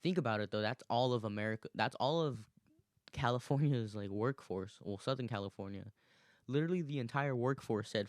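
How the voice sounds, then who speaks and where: A man's voice: lowish voice, normal speed, dry recording, studio quality. A man in his twenties hosting a podcast alone, rambling casually, swearing a lot and laughing often. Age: 20s. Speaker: podcast host. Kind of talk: casual solo monologue.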